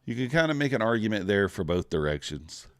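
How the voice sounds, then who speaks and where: Brief: young man, very low voice, sleepy and laid-back, dry close mic, live trading stream. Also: sing-song, a little fast, a bit bright, no room sound. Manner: laid-back, drawling, greets chat viewers. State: tired, yawning. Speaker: futures trader streaming live. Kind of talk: casual live-stream commentary.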